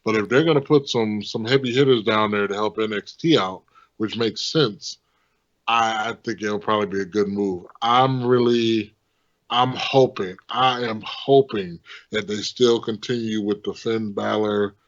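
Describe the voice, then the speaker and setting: A man with a somewhat low voice gives blunt, opinionated takes in a casual podcast chat, swearing casually. The sound is dry and a little dull, like a lo-fi mic. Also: steady tone, measured pace, no room sound. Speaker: podcast co-host.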